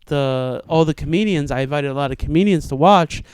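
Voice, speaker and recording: A young man telling a comedy story in casual podcast chat, acting out shouted quotes with lots of energy. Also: fairly high pitch, fairly quick, clean tone, dry recording. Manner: animated, acts out shouted quotes. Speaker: comedian and show organizer.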